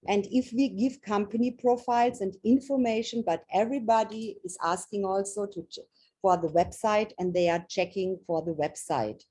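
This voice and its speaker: A woman from Germany, speaking English as a second language, gives a webinar talk on trade fair preparation. Her voice is mellow and a little dark, at an ordinary middle pitch. She explains earnestly and often circles back to restart a phrase. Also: slightly rough. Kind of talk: webinar presentation.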